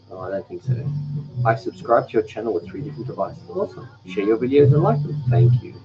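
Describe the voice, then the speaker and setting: A soft-spoken man, chatting casually as a host reading viewer comments on a live stream. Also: on the low side, muffled recording, over music. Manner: relaxed, rambling, with pauses. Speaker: cooking channel host.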